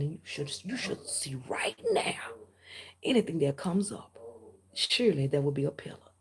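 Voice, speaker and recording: A woman's voice: deep voice, animated, normal speed. A woman tarot reader giving a blunt, preachy reading straight to her viewers, often dropping into half-whispers. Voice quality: very husky, gravelly. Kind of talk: direct-to-camera tarot reading.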